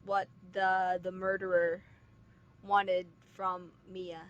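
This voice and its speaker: A young woman streaming a game, chatting casually and reading its dialogue aloud on a low-quality mic. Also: level tone, takes it slowly, lo-fi sound. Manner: chatty, full of "like" and restarts.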